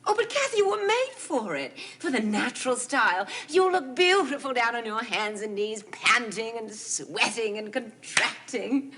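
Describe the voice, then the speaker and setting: A woman's voice: fairly high pitch, sing-song, moderate pace, few pauses, fairly bright tone. An actress playing an affected, theatrical rich young woman in a 1970s TV soap opera, gushing as she talks.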